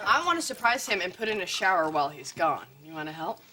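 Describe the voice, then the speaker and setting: A bubbly free-spirited young wife. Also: female voice, lowish voice, very animated, quick pace, noisy background. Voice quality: playful, bubbly. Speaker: bride. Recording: sitcom with loud audience laughter.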